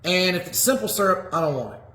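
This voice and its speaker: A man's voice: high-pitched, lively intonation, fast talker, a crowd in the background. A middle-aged man with a Southern US accent hosting a comedy chat, brash and rambling with folksy cussing. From Alabama. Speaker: comedian host. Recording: roomy echo.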